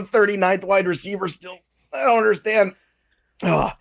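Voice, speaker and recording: A man's voice: sits high, normal speed, creaky, a bit bright. Joking male podcast host. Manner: joking, prone to laughing fits. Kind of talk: casual podcast chat.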